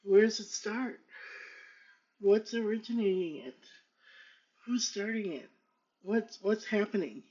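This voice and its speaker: A woman talking slowly and haltingly in a personal monologue, moving between hurt and defiance while reading tarot cards. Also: mid-range voice, mellow. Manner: slow, halting, with many restarts and pauses; pained and defiant in turns. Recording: dull lo-fi recording.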